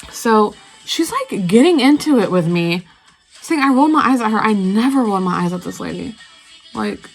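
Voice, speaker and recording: A woman's voice: medium pitch, gravelly, poor audio. A young woman vlogging casually, rambling through a story while she does her makeup. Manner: rambling, chatty, lots of fillers. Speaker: beauty vlogger.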